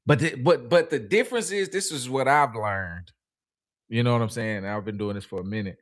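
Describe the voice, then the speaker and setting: A man co-hosting a casual talk show, laying out his points in a measured, reasoning way. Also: mid-range voice. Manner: measured, reasoning, lively intonation. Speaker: podcast co-host. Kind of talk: casual discussion.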